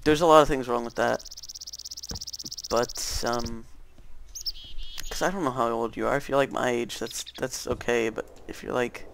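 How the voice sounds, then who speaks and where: Rambling teenage boy with a gravelly voice. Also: mid-range voice, fairly even intonation, moderate pace, long pauses, noisy background. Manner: rambling, self-correcting, many fillers. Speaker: gaming channel host. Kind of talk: casual gameplay commentary.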